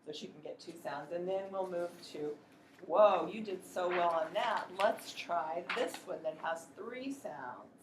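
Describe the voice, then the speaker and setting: A woman training teachers in a workshop, explaining in a practical, chatty way and slowly sounding out words to demonstrate. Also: on the low side, expressive, reverberant, noisy background. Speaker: literacy educator training teachers.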